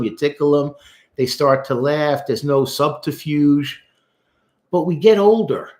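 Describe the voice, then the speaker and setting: Animated man therapist, slightly high voice. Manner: animated, talks straight to the viewer. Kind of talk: casual commentary breaking down song lyrics. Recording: echoey room.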